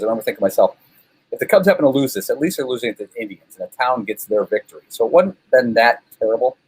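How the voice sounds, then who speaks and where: A man guest telling sports stories in a casual, animated, self-deprecating way. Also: mid-range voice, breathy edge. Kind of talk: casual storytelling.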